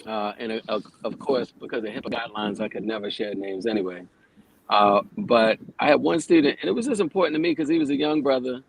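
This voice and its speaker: A man's voice: mid-range voice, fast talker, gravelly, rough recording. Forties guy chatting casual on a radio show, mid voice, bit of hiss behind. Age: 40s. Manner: conversational, plainspoken, swears casually. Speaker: yoga teacher and guest. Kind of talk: casual radio interview storytelling.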